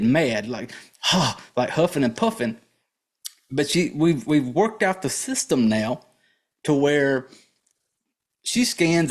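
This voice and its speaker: A man hosting a podcast, telling a profane, exasperated story in a casual ranting monologue. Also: fairly high pitch. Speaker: podcast host.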